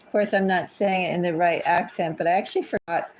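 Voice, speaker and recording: A woman's voice: on the low side, steady tone, quick pace, a little hiss or hum, rough recording. A woman giving a casual tarot reading at home, chatty and easily sidetracked. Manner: chatty, easily sidetracked, talks to her cats. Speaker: tarot reader. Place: home with cats.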